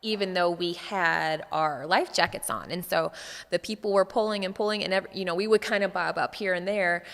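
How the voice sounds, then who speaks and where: A middle-aged woman co-hosting a podcast, telling a story in casual chat with animated laughter. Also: lowish voice, brisk, gravelly. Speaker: podcast co-host. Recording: long reverb.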